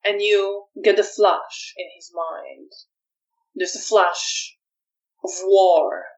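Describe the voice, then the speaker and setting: A woman narrating a tabletop vampire game as storyteller, measured and hesitant. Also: medium pitch, fairly even intonation, far from the mic, highs cut off.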